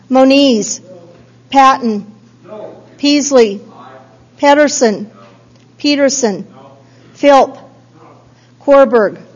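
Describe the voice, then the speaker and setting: A woman, the chief clerk, calling the roll in a legislative chamber, reading names one by one in an even, unhurried rhythm. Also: high voice. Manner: slow, evenly spaced name reading. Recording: dull, muffled audio.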